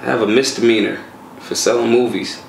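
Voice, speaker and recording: A man talks in loose, slangy, animated stories, his mid-pitched voice bouncing around a reverberant room. A soft hum of ambience sits underneath. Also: brisk, creaky. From Philadelphia. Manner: animated, streetwise storytelling with slang. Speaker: guest, gun rights activist. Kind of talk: casual conversational interview.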